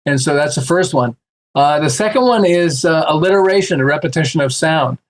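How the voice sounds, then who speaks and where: A man with a slightly high voice chatting casually as a podcast guest. He tells lively stories and acts out the voices of the people in them. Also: brisk. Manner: animated, acts out quoted voices with laughs. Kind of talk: casual storytelling chat.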